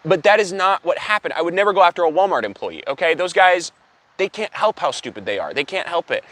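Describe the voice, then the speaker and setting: A young man telling an absurd story as an exasperated, profane, deadpan comedy rant. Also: sits high, fast talker, no room sound. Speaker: comedic vlogger.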